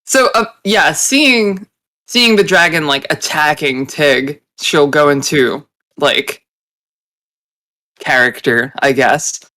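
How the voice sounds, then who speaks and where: A woman's voice: sits low, slow, bright, forceful tone, no echo, studio quality. A woman playing a tabletop game, hesitant and thinking aloud as she decides her turn. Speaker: player. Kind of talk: casual play at a tabletop game.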